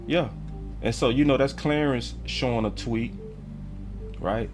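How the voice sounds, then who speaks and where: A man's voice: medium pitch, measured pace. Male stream host, ranting sports take, faint music underneath. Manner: heated, ranting, slangy; reads articles aloud on stream. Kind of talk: live stream commentary.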